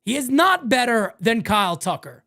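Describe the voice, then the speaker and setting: A man hosting a fan live stream, ranting about sports in a loud, excitable way. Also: very high voice, moderate pace.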